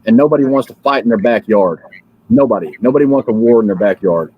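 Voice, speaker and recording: A drowsy, just-woken American man hosts a livestream with a rambling political rant, fiery and repetitive, full of fillers and restarts. His voice is medium-pitched and fast, and the sound is lo-fi.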